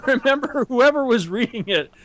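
A man's voice: very high-pitched, animated, moderate pace, fairly bright tone. A man retelling school-day memories with old friends, swearing and laughing through the stories. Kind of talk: casual reminiscing. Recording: noisy background.

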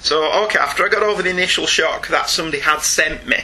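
A middle-aged British man with a fairly high, bright, forceful voice co-hosts a podcast. He reads listener emails in a chatty way, slowing down and laughing often.

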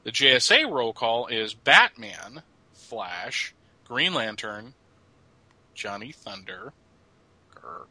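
Bright-voiced man joking through comics talk. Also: medium pitch, sing-song, takes it slowly, pauses often, breathy edge, dry recording, low-quality recording. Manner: joking, laughs at his own lines. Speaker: podcast co-host. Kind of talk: casual comics chat.

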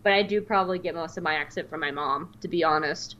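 A woman's voice: deep voice, quick pace, a bit bright. A woman with a mild Southern US accent co-hosting a podcast, rambling in casual chat. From Georgia, US. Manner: rambling, lots of likes. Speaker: podcast co-host. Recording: dull lo-fi mic.

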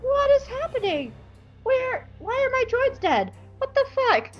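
A woman's voice: extremely high pitch, very animated, measured pace, dull audio, soft background music, pitched above the performer's own voice, exaggerated voice. A woman voicing a boastful male villain commander who shrieks and swears in confusion. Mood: confused.

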